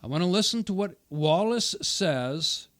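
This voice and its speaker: A man's voice: high voice, expressive, unhurried, fairly bright tone. A man hosting his channel, combatively rebutting a debate opponent's quoted remarks and hammering his points through repetition. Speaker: channel host. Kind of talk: argumentative commentary on a debate video.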